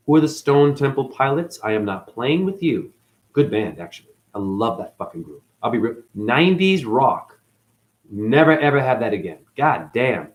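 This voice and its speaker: Animated, rambling man talking to camera. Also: mid-range voice, rough recording. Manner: profane, swings between mutters and excited bursts. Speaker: spiritual video host. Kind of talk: rambling spiritual monologue.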